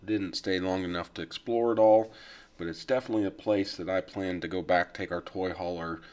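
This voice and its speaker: A man's voice: low voice, steady tone, fairly quick, darkish tone, clear, resonant tone. A man narrating his own riding footage as a casual voice-over, easygoing and rambling with frequent fillers. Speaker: adventure riding vlogger.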